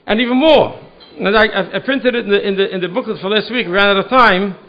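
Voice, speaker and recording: A man's voice: sits high, fast talker, highs cut off. A man, a rabbi, giving a Torah study lecture in a synagogue hall, earnest and often repeating words as he searches for them. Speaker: rabbi teaching a class.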